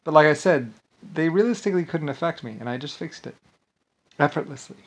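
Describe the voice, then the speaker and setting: A man's voice: on the high side, brisk. Angry ranting man, profane and repetitive. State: agitated and angry. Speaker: vlogger. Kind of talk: angry rambling monologue.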